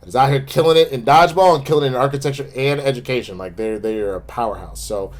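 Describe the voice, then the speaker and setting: A man co-hosting a laid-back review show, his pitch sitting in an ordinary middle range. He talks in long, lively stretches, working his thoughts out loud and building on his points. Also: fast. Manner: animated, talks in long reflective runs. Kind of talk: casual review chat.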